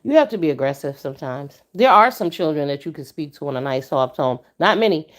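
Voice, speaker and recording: Blunt, profane woman chatting to her stream. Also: fast. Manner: blunt, profane and stern, with animated pitch jumps. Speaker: livestream host. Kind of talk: casual livestream chat with viewers.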